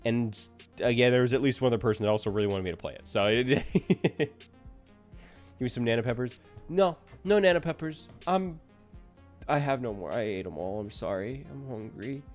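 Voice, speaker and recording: A man's voice: medium pitch, moderate pace, a little mellow, soft background music. Rambling, chatty male streamer. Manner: rambling, chatty, self-deprecating. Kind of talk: casual end-of-stream chat.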